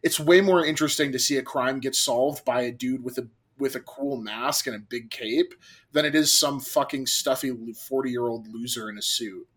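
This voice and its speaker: A man co-hosting a podcast in casual chat, animated and rambling, swearing now and then. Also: medium pitch, moderate pace, slightly rough. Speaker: podcast co-host.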